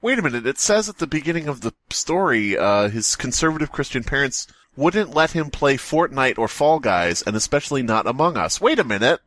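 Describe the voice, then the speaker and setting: A man's voice: medium pitch, very animated, a little fast, hardly any pauses, a bit bright, no echo. A man co-hosting a comedy podcast, reading stories aloud and breaking off into jokey asides and laughter. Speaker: podcast co-host. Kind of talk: casual comedic story reading.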